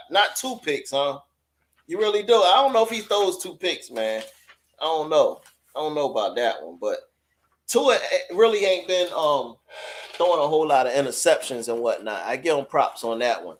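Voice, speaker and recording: Laid-back male sports stream host. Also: on the high side. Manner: loose and conversational, reading chat messages aloud and reacting. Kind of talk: casual live-stream chat with viewers.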